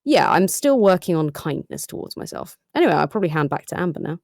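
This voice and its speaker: A British voice actress chats at speed from her home recording setup, critical of her own work. Her voice sits low for a woman and sounds dry and close-miked. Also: big pitch swings, gravelly, darkish tone, no room sound. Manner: fast-talking, self-critical. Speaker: voice actor. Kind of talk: casual chat. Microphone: home recording setup with headphones.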